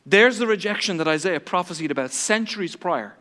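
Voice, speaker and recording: A man's voice: high-pitched, animated, a little fast, bright, forceful tone, big-room sound. A man preaching a sermon in a dramatic, emphatic way, acting out the quotes he reads.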